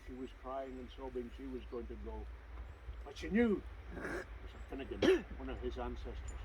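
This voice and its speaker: A Scottish man telling a local legend outdoors in a lively, conversational way with asides to his listeners. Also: on the high side, a little hiss or hum, poor audio. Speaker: clan society vice president. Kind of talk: outdoor folk storytelling. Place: outdoors by a standing stone.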